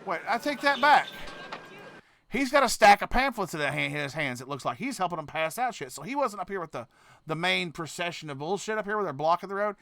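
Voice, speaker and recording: A man with a high, sharp, bright voice rants through a reaction video, swearing freely. He drifts between low grumbles and sudden loud outbursts, often stopping mid-sentence to start over. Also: animated, a little fast, gravelly. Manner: profane, ranting, swings between mutters and shouts; trailing off, restarting sentences. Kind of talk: casual reaction commentary.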